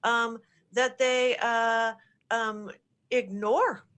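A woman's voice: fairly high pitch, steady tone, fairly bright tone, clear, resonant tone. A woman executive consultant answering questions in a business podcast interview, explaining in an affirming way. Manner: affirming, explanatory, quick repeated yeses.

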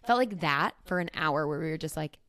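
A woman's voice: low voice, expressive, fairly quick, fairly bright tone. A woman co-hosting a podcast, chatting affectionately with many fillers. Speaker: podcast co-host. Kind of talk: casual chat.

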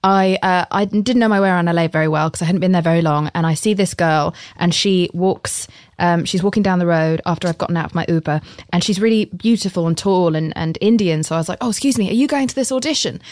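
A woman's voice: on the low side, fairly even intonation, fast, a little mellow, no echo, clean studio sound. A woman with an English accent, a guest actress telling stories in a candid, casual chat. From England. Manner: candid storytelling, frequent swearing.

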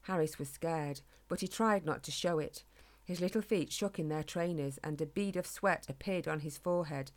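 A woman narrating a children's animal story in a gentle, measured way. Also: low voice.

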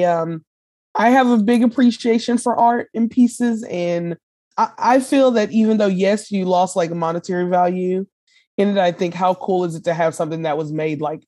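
Podcast guest, woman, mellow and dry sound, loose rambling delivery. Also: fairly low pitch, no echo. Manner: rambling, many fillers and restarts. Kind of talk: casual chat.

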